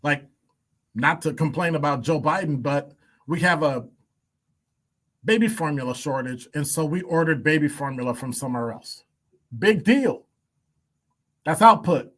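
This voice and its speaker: A man's voice: a little high, normal speed, a bit bright. A male radio host giving blunt opinion commentary, emphatic and wry, stacking up rhetorical questions. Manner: blunt, wry asides and chuckles.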